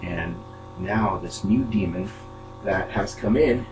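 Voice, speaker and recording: A man's voice: on the low side, slow, music in the background. A man talking to his viewers from his apartment in a rambling casual monologue, often tagging his sentences with "right?". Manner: rambling, tags statements with "right?". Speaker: video blogger. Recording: distant mic with loud hum.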